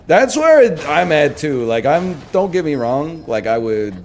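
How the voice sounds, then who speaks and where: A man chatting casually on a stream, telling long rambling stories in a lively, joking way. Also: on the high side, unhurried, a little hiss or hum. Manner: rambling, animated, jokey storyteller. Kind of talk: casual storytelling chat.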